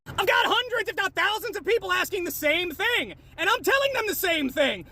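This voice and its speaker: Male online commentator, bright piercing tone, furious profane rant to camera. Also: extremely high pitch, sing-song, fairly quick. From United States. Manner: shouting, profane, heated. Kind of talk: angry rant replying to comments.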